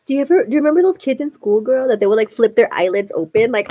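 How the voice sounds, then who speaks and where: A woman's voice: fairly high pitch, big pitch swings, fast talker, dark tone. A woman hosting a live makeup stream, chatting casually and confidingly to her viewers, calling them "girl" as she works. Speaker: livestream beauty host. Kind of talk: casual makeup tutorial chat.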